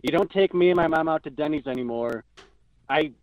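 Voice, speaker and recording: A man's voice: fairly high pitch, fairly quick, no room sound, dull audio, natural voice. A man playing a hotheaded young caller who rants at his stepdad in frantic, whiny bursts on a call-in comedy bit. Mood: flustered. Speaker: prank caller.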